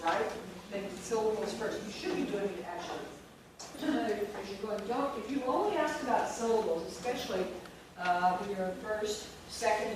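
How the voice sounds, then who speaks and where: A woman leading a phonics training workshop for teachers, drilling sounds and syllables and quizzing the room. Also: medium pitch. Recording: echoey room, distant mic, noisy.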